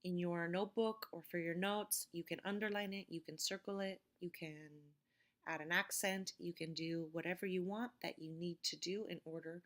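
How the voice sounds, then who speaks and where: A woman teacher giving a recorded vocabulary lecture and reading word lists slowly, stressing each syllable with care. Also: lowish voice. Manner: slow, careful pronunciation drills.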